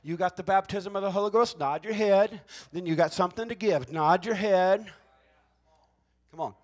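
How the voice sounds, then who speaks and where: A male pastor delivering a Pentecostal sermon in a conversational, folksy way, joking with the congregation and swinging between hushed asides and loud, emphatic shouts. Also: high voice, moderate pace.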